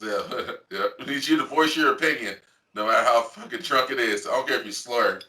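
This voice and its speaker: Bright-voiced man rambling on a podcast. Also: medium pitch, brisk, far from the mic. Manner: rambling, laughs often, lots of "like". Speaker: podcast host. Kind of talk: casual podcast chat. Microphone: remote call with delay.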